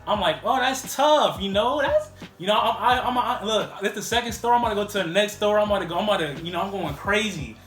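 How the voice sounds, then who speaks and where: A man with a high voice rattles through a casual storytime, words tumbling out quickly with "like" dropped into nearly every phrase. His voice bounces around an echoey room, with faint music playing underneath. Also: a bit bright. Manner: rambling, heavy use of "like" fillers. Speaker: vlogger.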